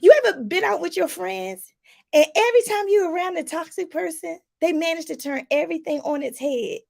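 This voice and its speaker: Animated woman life coach, gravelly voice. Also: very high-pitched, brisk. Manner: animated, laughing, talks straight to the viewer with "y'all". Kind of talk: casual advice talk to viewers.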